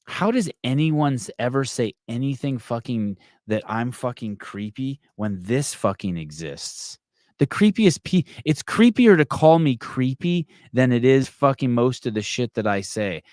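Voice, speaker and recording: This podcast host has a mid-range, slightly mellow voice with big pitch swings and an unhurried pace. He reads viewer comments on a casual live stream, cursing, rambling, mocking himself and stammering through restarts, all in a clean, dry studio recording.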